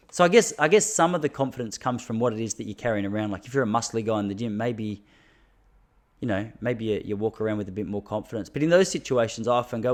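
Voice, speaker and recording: A fast-talking young Australian man with a mid-range voice hosts a podcast by himself. He shares casual stories, often laughing and throwing in self-mocking asides.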